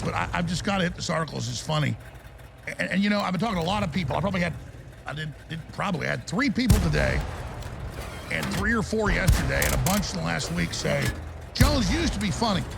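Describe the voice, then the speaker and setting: Gravelly, ranting radio host man. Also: on the high side, fairly bright tone, a little hiss or hum. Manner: bombastic, ranting, mocking. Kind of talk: talk radio monologue.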